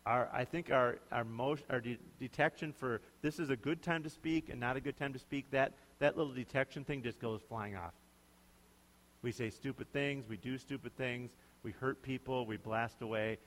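This preacher has a medium-pitched, fairly bright voice and a moderate pace. His sermon is conversational and emphatic, full of questions to listeners, echoing with long hall reverb.

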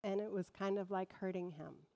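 A woman pastor preaches at a mid pitch, measured and steady, lifting into emphatic swells on key phrases. Her voice carries through a large space with a long reverb tail. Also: vocal fry. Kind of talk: sermon.

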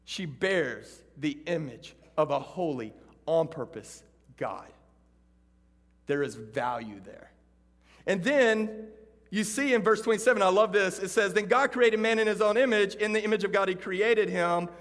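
A male preacher with a Texan accent addresses a crowd of students in a sermon, his voice sitting fairly high. He swings from rousing calls to the audience to hushed storytelling. The recording carries a long reverb from a large hall. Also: measured pace. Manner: animated, shifts from loud calls to hushed storytelling.

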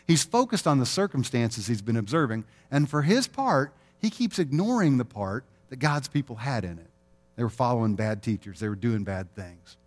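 A middle-aged man preaching a sermon as pastor, in a conversational way, acting out small scenes in quoted voices. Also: medium pitch.

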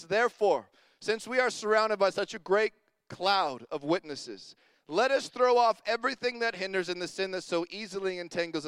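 A man preaching a sermon as a pastor, energetic and calling out to the congregation. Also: extremely high pitch, clear, resonant tone, no echo.

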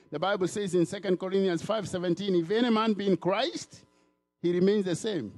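A man from Africa preaching a sermon in an animated way, repeating words and acting out the voices of people he quotes. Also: high voice, brisk.

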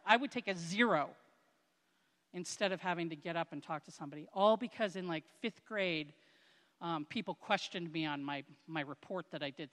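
A woman's voice: a bit bright, in a large hall. A woman preaching a conversational, self-deprecating sermon, acting out quoted lines with playful asides. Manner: acts out quoted speech with raised pitch.

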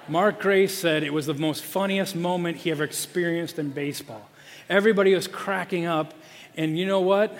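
High-voiced male pastor preaching. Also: normal speed, long reverb tail. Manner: storytelling, lively, with fillers. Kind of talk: sermon.

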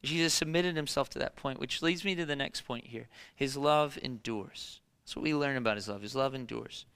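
A man preaching a sermon in a dramatic storytelling way, moving between hushed and emphatic delivery. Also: medium pitch, moderate pace, clean tone. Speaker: pastor.

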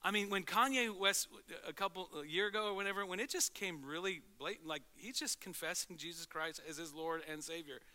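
A male pastor preaching a sermon in an animated way, swinging from loud to hushed and acting out quotes. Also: sits high, a little fast, hardly any pauses.

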